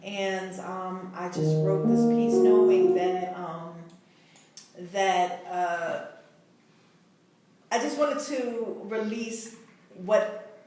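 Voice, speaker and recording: A woman guest poet and singer, soft-spoken and reflective, talking about her own pieces in an interview. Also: medium pitch, very slow, long pauses, over music. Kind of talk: interview conversation. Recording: very echoey room, voice far from mic.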